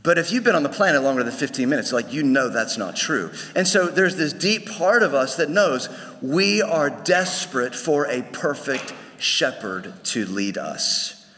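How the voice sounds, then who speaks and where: A man's voice: mid-range voice, lively intonation, moderate pace, sharp tone. A male pastor preaching a sermon to his congregation in a conversational way, often restarting his phrases. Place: church sanctuary. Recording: long hall reverb.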